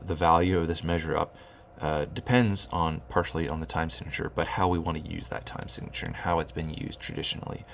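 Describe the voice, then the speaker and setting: A man's voice: deep voice, creaky, a bit bright, a little hiss or hum. A man teaching rhythmic solfege, explaining note beams and chanting counting syllables, often restarting his phrases. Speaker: music teacher.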